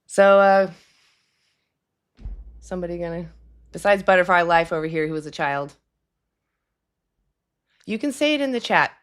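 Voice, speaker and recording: A woman's voice: fairly low pitch, moderate pace, long pauses, smooth. A woman hosting a casual live stream at her desk at home, rambling with lots of fillers and chatty asides.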